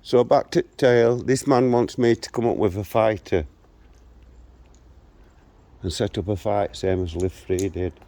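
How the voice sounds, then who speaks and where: Bloke in his 60s, gravelly voice, blunt and combative, vlogging outside on a walk. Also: on the low side, a little slow, pauses often, mellow. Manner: blunt, combative retelling of a confrontation. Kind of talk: walkabout storytelling to camera. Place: outdoors, walking around a local park and shops.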